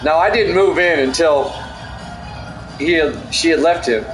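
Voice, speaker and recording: A man's voice: a little high, unhurried, faint music behind. A middle-aged man calling plays of a football game while telling a rambling story to his chat, laughing often. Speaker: streamer doing game commentary. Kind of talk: play-by-play commentary mixed with chatty storytelling. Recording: echoey room with background noise.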